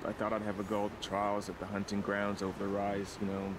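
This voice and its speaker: A man's voice: on the low side, completely flat delivery, fast, lightly acted. An actor playing a young male tribal outcast in a video game, rambling and self-deprecating. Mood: sheepish. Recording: game audio with ambient noise.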